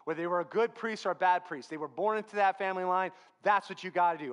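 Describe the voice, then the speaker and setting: Guy with a high voice preaching in church, acts out the story bits. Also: fast talker, hardly any pauses. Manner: animated storytelling, acting out Bible dialogue. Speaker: pastor. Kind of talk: sermon.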